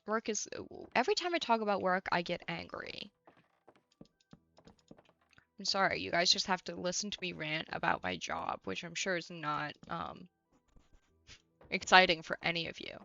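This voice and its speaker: A woman's voice: on the low side, very animated, normal speed, gravelly, long pauses, sharp tone, muffled recording, faint music behind. A young woman from the United States streaming a game, chatting casually and ranting bluntly with plenty of swearing. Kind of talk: casual stream chat while playing.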